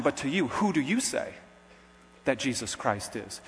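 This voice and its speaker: A man's voice: medium pitch, animated, moderate pace, fairly bright tone, big-room sound. A man preaching a sermon to young people, emphatic and putting questions straight to his listeners.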